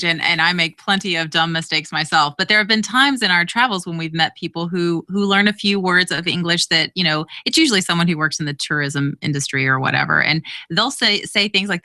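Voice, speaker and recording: A woman author, a guest on a podcast, telling frank, lively stories in casual chat. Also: on the low side, dry recording. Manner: frank, animated storyteller.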